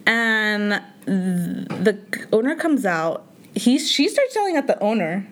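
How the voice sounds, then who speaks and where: A woman's voice: medium pitch, big pitch swings, slow pace. Chatty young woman telling a story. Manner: storytelling with many likes and restarts. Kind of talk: casual chat.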